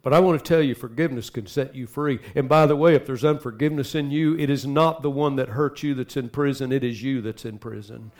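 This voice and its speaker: A man preaching a sermon as pastor, dropping to soft asides and then climbing into loud, urgent exhortation. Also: mid-range voice, fairly even intonation, a little fast, hardly any pauses.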